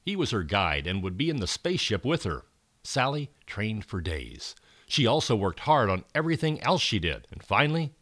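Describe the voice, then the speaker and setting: A man reading a children's story aloud, expressive and rising for the exciting moments. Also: fairly low pitch, no echo, clean studio sound.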